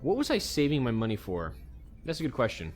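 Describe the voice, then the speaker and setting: Male let's-play host, middle pitch, casual think-aloud commentary over faint music. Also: wildly swooping pitch, fairly quick. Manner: easygoing, thinks aloud while playing.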